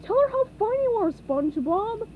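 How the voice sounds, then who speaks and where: A woman voicing a dim-witted, boisterous male starfish in a storybook reading, loud, dopey and drawn-out. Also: high voice, very animated, phone-quality sound, slight background noise. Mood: bluffing.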